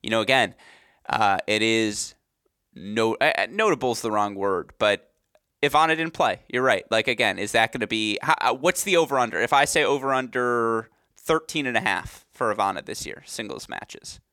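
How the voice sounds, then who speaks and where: A young man in his twenties co-hosting a podcast, chatting casually in an animated, rambling, jokey way. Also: mid-range voice, moderate pace, dry recording, clean studio sound. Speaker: podcast co-host.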